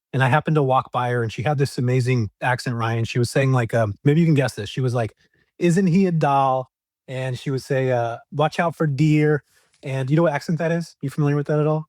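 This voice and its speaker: A middle-aged man from California telling his story as a podcast guest, animated and casual with slang. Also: mid-range voice, no room sound, studio quality. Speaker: guest, real estate investor.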